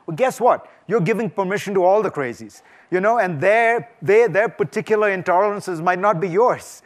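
In a high-pitched voice with lively intonation and a normal pace, a guest speaker gives a conversational festival talk in a lecture hall. He is emphatic, takes questions from the audience, and often starts his sentences over.

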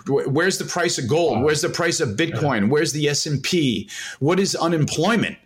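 A man's voice: a little high, animated, moderate pace. A man, a guest macro analyst, talking in a casual podcast conversation, rambling and emphatic with lots of fillers.

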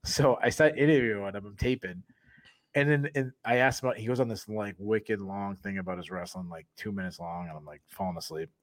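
Podcast co-host, male, lowish voice, loose casual storyteller who laughs a lot. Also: fairly quick, no echo. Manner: rambling, laughs often between sentences. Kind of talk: casual chat.

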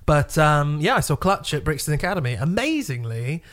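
A man's voice: a little high, very animated, normal speed, fairly bright tone. A man co-hosting a music podcast, giving thoughtful, rambling opinions in casual chat. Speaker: podcast co-host.

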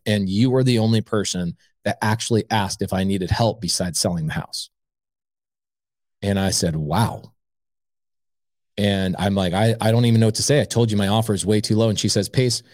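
In a studio-quality recording with no room sound, a man with a mid-range voice appears as a guest on an interview podcast. A real estate investor, he tells a long personal story like an animated storyteller, acting out both sides of the conversation.

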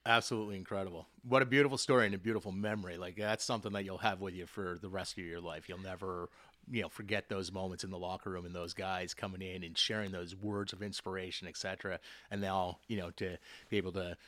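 A man's voice: sits low, fairly even intonation, fast talker, fairly bright tone, dry recording. A man hosting a podcast, enthusiastic and chatty, with many fillers. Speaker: podcast host. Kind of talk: casual chat.

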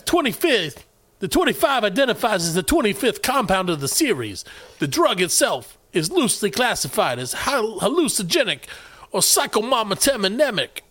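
A man doing a put-on New York accent to play a brash old-time reader, pitched up and brassy. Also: big pitch swings, normal speed, a bit bright, full character voice.

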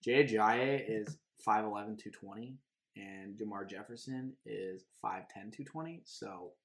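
A man's voice: fairly low pitch, a little slow. A man co-hosting a casual sports talk show, arguing his points and hedging with filler words. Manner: argumentative, hedging with "like". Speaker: podcast co-host.

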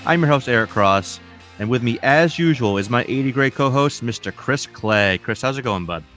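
A man with a New England accent hosting a fantasy baseball podcast in a chatty, relaxed way. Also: mid-range voice, moderate pace, soft background music. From Maine. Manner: chatty, relaxed, rambling with fillers. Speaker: podcast host. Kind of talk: casual podcast chat.

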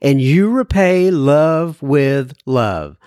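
A man's voice: fairly high pitch, animated, drawn-out words, dark tone, no echo, clean studio sound. A man hosting a podcast, reading listener letters aloud and adding rambling, jokey asides. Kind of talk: casual podcast chat.

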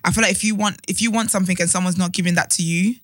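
Fast-talking young woman, bright voice. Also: fairly low pitch, dry recording. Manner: chatty, animated, laughs often, restarts thoughts. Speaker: podcast co-host. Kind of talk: casual advice chat.

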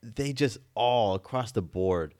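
A man chatting casually as a guest, easygoing and quick to laugh at himself. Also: on the low side. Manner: easygoing, laughs at himself, animated when excited. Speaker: podcast guest. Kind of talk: casual conversation.

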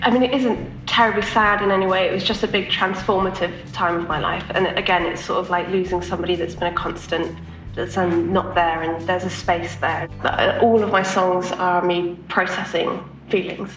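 A woman's voice: on the low side, fairly even intonation, normal speed, a bit bright, soft background music. A woman songwriter answering interview questions in a hesitant, reflective way with many restarts. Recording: roomy, distant mic.

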